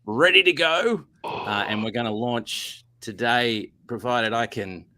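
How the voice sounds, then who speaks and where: An Australian man, a comic writer and guest, chatting casually on a live stream in a halting, self-deprecating way. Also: medium pitch, bright, forceful tone, no echo.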